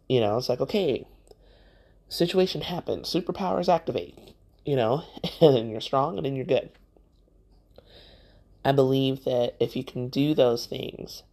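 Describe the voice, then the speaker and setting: A woman's voice: very deep voice, mellow. A woman hosting a motivational podcast, talking straight to the listener in a conversational, encouraging way. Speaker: podcast host.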